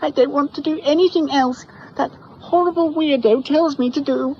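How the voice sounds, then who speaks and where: A man voicing a sulky, rude young girl who whines and shouts back. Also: very high voice, moderate pace, muffled recording, slight background noise, pitched above the performer's own voice. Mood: defiant. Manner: whiny and defiant.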